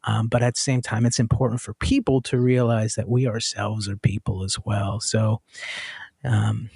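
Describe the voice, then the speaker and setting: A man's voice: on the low side, level tone, normal speed, vocal fry, a little mellow, breathy edge, no room sound, studio quality. Earnest, reflective man guesting on a podcast. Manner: reflective, earnest, many fillers, laughs. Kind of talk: casual conversational podcast chat.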